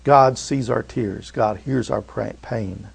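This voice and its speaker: A man preaching a sermon to his church, swinging from loud urging to hushed, tender lines. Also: mid-range voice, takes it slowly, creaky, husky. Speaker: pastor.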